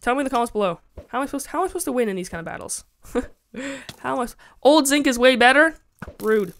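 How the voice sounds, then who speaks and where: A woman's voice: high-pitched, lively intonation, fast talker. A woman giving casual, giggly commentary while playing a game and talking to her chat, squealing when she is attacked. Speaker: Minecraft let's-play gamer.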